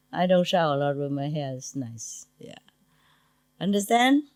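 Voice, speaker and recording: A woman spiritual teacher talks informally to her disciples, chatty and laughing often. Her English grammar is broken and her voice sits a little low. The sound is close and dry, with no room around it. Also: lively intonation, unhurried, a little mellow, no room sound, low-quality recording.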